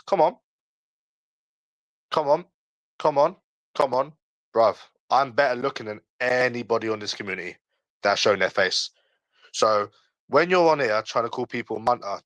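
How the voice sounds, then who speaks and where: A man's voice: medium pitch, a bit bright, no echo, poor audio. A young man in his early twenties with a London accent, hosting a casual livestream and answering chat in a defensive, argumentative, slangy way that keeps repeating points. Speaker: livestream host.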